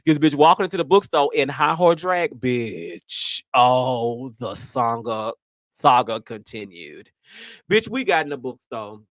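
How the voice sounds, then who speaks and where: A man's voice: mid-range voice, animated, a little slow, no room sound, clean studio sound. A man hosting his show, telling a story in a brash, profane, sassy way. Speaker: host. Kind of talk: casual storytelling.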